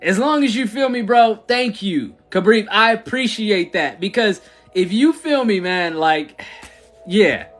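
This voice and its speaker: A man's voice: high voice, expressive, measured pace, fairly bright tone, soft background music. A man who founded a church chats casually on a livestream, answering viewers with slangy talk and frequent laughter.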